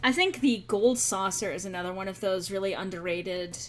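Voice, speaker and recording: A woman's voice: medium pitch, steady tone, brisk, soft background music. A woman streaming a game and chatting casually with friends, laughing often.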